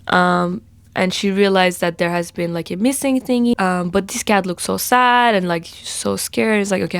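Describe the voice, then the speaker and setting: A woman's voice: lowish voice, creaky, no room sound. Chatty young woman telling a story. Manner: chatty, swears casually, many fillers and quoted asides. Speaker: vlogger. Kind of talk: casual personal storytelling.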